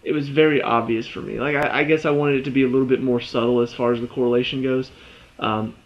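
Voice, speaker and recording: A man talks through a TV episode review in a loose, chatty way, with lots of fillers and side remarks. His voice sits at a middling pitch. The recording sounds a little dull and lo-fi. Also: steady tone, fast. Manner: rambling, chatty, many fillers. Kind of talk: casual spoken review.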